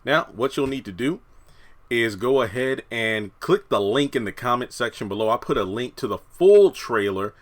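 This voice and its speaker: A man's voice: mid-range voice, lively intonation, moderate pace. A man giving casual, rambling commentary as a TV review YouTuber, slightly out of breath in a hot room with the fans switched off. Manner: rambling, conversational, many fillers.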